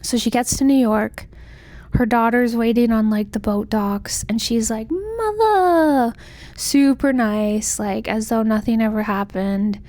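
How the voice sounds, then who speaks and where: A woman's voice: a little high, fairly even intonation, a little slow, a little mellow, no echo. A young woman casually recapping a novel's plot, chatty and full of "like", acting out the characters' lines. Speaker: book vlogger.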